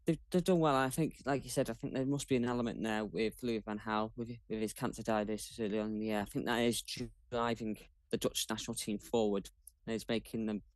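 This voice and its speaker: A man talking football as a guest on a casual chat show, measured and thoughtful. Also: fairly low pitch, fairly even intonation, no echo. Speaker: guest pundit.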